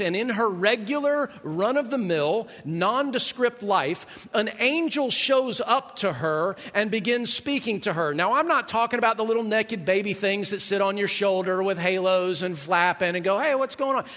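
A middle-aged man delivers a conversational sermon, regularly addressing rhetorical questions to the congregation. His voice sits high with a pushed, bright tone, and the recording has a long hall reverb.

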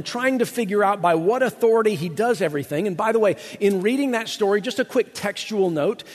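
A male pastor preaches in a lively, animated way, slipping into playful voices to act out the lines he quotes. His voice sits notably high for a man. The sound carries the long reverb of a big hall. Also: slightly rough. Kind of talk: sermon.

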